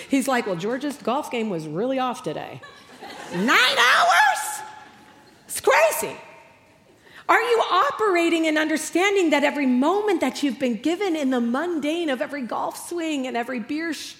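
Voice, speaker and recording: Woman preacher, kinda high voice, chatty and funny, big echoey church hall. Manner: animated, conversational, self-deprecating humor. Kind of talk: sermon.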